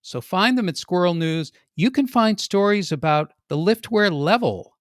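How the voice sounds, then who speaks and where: A man hosting a podcast, opening the show in an energetic, jokey way. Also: moderate pace, no room sound, studio quality. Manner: energetic and jokey, pitch jumps for emphasis. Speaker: podcast host. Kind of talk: upbeat podcast introduction.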